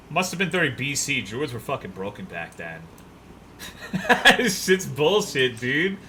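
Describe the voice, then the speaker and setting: A young man streams a game and chats casually, swearing freely and rambling as he answers his chat. His voice is bright and forward, with a faint hum of room noise behind it. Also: mid-range voice, very animated, measured pace. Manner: loose, profane, rambling, reads chat aloud.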